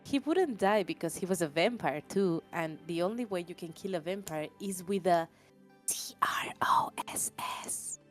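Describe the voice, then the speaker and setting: A woman's voice: on the low side, expressive, normal speed, hardly any pauses, a little mellow, faint music behind. A woman doing a comedic reading on a stream, breaking off for wry, exasperated asides. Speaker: stream co-reader.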